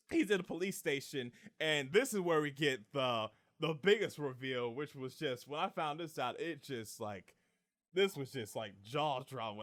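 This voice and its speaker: Podcast host, male, slightly high voice; casual, filler-heavy plot recap with acted-out lines. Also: fairly bright tone. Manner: rambling, many fillers, acts out characters' lines.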